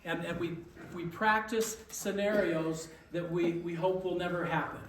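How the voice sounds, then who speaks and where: A man with a high voice gives a loose, rambling presentation, restarting and repeating himself often. He sounds distant from the microphone in an echoey room. There is clear noise underneath. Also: steady tone, unhurried. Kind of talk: casual talk, joke then presentation. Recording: echoey room, far from mic, noisy.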